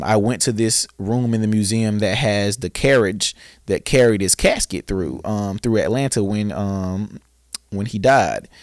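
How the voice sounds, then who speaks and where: A man's voice: lowish voice, a little mellow, dry recording, clean studio sound. A young man with a Southern American accent, a podcast guest telling his story earnestly and acting out his own past questions. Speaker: guest, founder of a boys' school.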